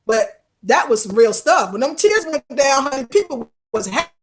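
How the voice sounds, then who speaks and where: A woman's voice: sits high, very animated, normal speed. A woman in her fifties streaming a casual, fervent talk to her viewers, repeating herself and talking back at them in loose vernacular. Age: 50s. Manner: loose Black American vernacular. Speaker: travel vlogger.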